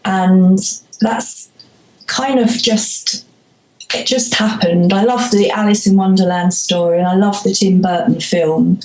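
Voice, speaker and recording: A woman with a South London accent chats as an interview guest over a video call. Her voice sits at a middling pitch, and the line carries a roomy echo. She talks with animated energy and drops into playful mimicry. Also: a little slow. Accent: South London English. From Croydon, England. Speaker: musician guest. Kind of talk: casual interview chat.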